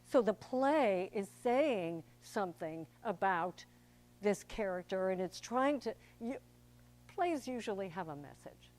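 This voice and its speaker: A woman's voice: mid-range voice, animated, takes it slowly, a little mellow. An older woman, an actor and director, giving a chatty, theatrical public talk to an audience. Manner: chatty and theatrical, acts out quoted voices.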